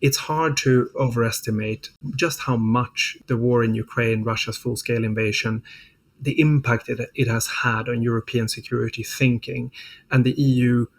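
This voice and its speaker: A middle-aged man speaking as a diplomat in a policy interview, measured and thoughtful, often filling pauses with "you know". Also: mid-range voice, fairly even intonation.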